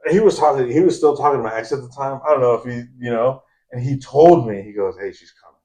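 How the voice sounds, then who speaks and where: Young co-host, casual and self-mocking. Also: male voice, mid-range voice, fast talker, warm tone. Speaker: podcast co-host. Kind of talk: casual podcast chat.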